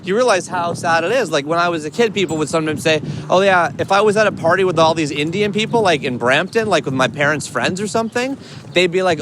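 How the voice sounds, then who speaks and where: A man hosting a podcast while out on a walk, chatty and curious, telling stories and asking questions in quick bursts. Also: a little high, animated. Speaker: podcast host. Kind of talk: walking interview chat. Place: outdoors on a city street. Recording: street noise behind outdoor walk.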